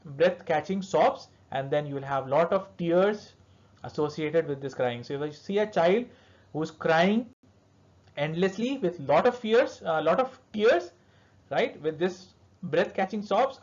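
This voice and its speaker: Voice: mid-range voice, darkish tone. A lecturer in pediatric dentistry giving a recorded lesson to students, explaining step by step and checking in with "all right" and "okay". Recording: dull lo-fi recording.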